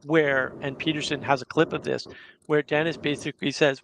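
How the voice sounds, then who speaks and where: Gravelly man hosting a casual livestream. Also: fairly high pitch, level tone, brisk, a bit bright, a little hiss or hum. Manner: chatty, reads viewer comments aloud. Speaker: livestream host.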